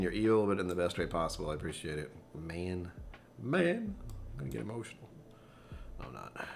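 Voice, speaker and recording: A middle-aged man hosting a whiskey live stream from home, chatting casually in a rambling, self-deprecating way and laughing often. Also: on the low side. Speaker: whiskey channel host.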